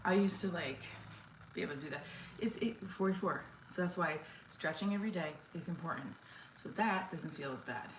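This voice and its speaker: A woman's voice: lowish voice, brisk, slight background noise. A middle-aged woman chatting casually on a live stream while she exercises, out of breath, thanking viewers for their comments. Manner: chatty, reads and thanks chat comments mid-workout. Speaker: livestream host. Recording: roomy echo with faint ambience.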